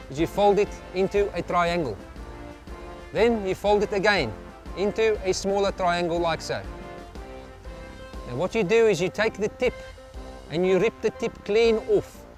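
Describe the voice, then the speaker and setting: Man doing stern army sergeant major, barking drill-instructor manner, high voice, music behind. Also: darkish tone, lightly acted. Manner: barking orders, mock-serious military briefing.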